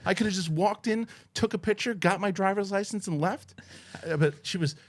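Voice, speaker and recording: A man in casual chat, telling a story with lively impressions of the people in it. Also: sits high, brisk. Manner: animated storyteller, acts out yelling voices, laughs. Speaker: podcast co-host.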